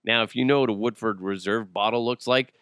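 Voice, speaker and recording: A man's voice: on the low side, fairly quick, a bit bright, clear, resonant tone, no echo, clean studio sound. A man hosting a podcast alone, joking crudely and riffing in a casual comic monologue. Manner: joking, crude, puts on silly voices. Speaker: podcast host.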